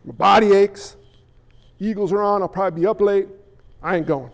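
A man voicing a grumbling churchgoer who mutters excuses for staying home from church, in a lower, quieter and quicker voice than his own. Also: gravelly, in a large hall.

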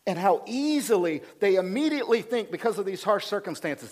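A male pastor giving an animated, conversational sermon, swinging between loud emphasis and quiet asides. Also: high-pitched, a little fast.

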